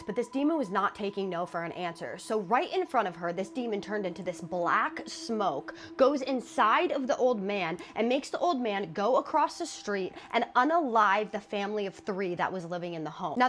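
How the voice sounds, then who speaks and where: A woman narrating a true scary story to her followers in a casual, dramatic way, slowing down for the grisly details. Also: mid-range voice. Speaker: horror storyteller.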